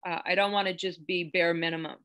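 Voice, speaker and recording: This woman's voice is lowish and fairly bright, with quick pacing and fairly even intonation. A real estate agent by trade, she leads a live online class in an earnest, chatty manner packed with fillers and false starts, growing emotional and close to tears.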